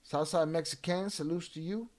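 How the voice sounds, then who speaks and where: A man hosting a casual livestream, reading chat shout-outs in slangy, profane talk and flaring into heated rants. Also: fairly high pitch, fairly even intonation, normal speed. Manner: flares up into heated, cursing rants. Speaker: livestream host.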